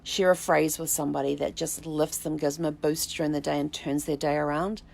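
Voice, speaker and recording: Low, gravelly-voiced woman storyteller. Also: little pitch movement. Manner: reflective, unhurried, with halting restarts and soft fillers. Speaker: vlog host, family tree researcher. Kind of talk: personal storytelling to camera.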